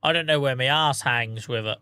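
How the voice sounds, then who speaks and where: A man's voice: medium pitch, a little fast, pushed and bright, clear, resonant tone, no room sound. A tired man chatting casually to viewers on a live stream, rambling, swearing freely and laughing at himself. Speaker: game streamer.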